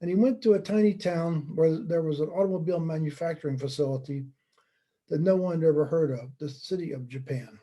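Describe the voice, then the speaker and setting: A man delivers a relaxed slide lecture, mixing points with deadpan humor. His voice sits a little high for a man yet sounds deeply mellow and dark in tone. He keeps a chatty, wry manner throughout. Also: a little fast. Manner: conversational, wry, telling jokes with deadpan asides. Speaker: speaker giving a talk. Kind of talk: presentation lecture with slides and jokes.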